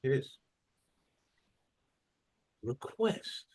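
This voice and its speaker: A man with a slightly mellow voice speaks extremely slowly as he teaches a classroom English lesson. He quizzes students on formal words, drilling pronunciation by modeling the stress of each word.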